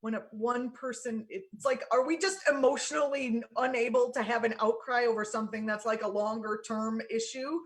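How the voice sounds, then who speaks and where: Woman host, slightly high voice, casual, thinks aloud. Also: steady tone, fairly quick, hardly any pauses. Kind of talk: interview conversation.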